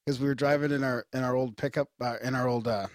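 A man's voice: medium pitch, steady tone, quick pace, dry recording. A man with a mid-range voice co-hosts a podcast in easygoing chat. He rambles through stories and announcements, often restarting mid-thought. He is recorded close and dry. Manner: laid-back, rambling. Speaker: podcast co-host. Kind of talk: casual chat.

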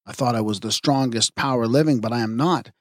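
A man's voice: mid-range voice, fairly quick, dry recording, studio quality, lightly acted. A man reading as a boastful old sun spirit. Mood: resigned.

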